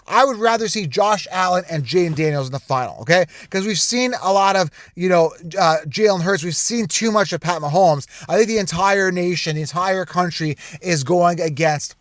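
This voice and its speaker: A man hosting a sports channel, talking straight to camera in an animated, conspiratorial rant full of repeated asides. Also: high-pitched, fairly quick, hardly any pauses, dry recording. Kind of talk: casual direct-to-camera rant.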